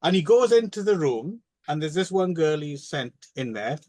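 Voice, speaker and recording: A man's voice: on the high side, very animated, normal speed, darkish tone. A man co-hosting a casual film podcast, rambling and joking through crude anecdotes. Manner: rambling, jokey, tells crude anecdotes with restarts. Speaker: podcast co-host.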